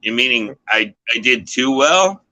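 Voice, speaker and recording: A man's voice: medium pitch, expressive, measured pace, sharp tone, rough recording. A man, a dishwasher, talking in casual chat, rambling and swearing with lots of "you know" and "like.".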